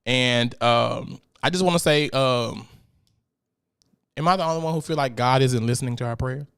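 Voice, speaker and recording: A man's voice: mid-range voice, normal speed, gravelly, a bit bright, clean tone. A man hosting a casual solo podcast, ranting in a blunt, profane, joking way and sometimes turning mock-preachy. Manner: mock-preachy when addressing God. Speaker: podcast host.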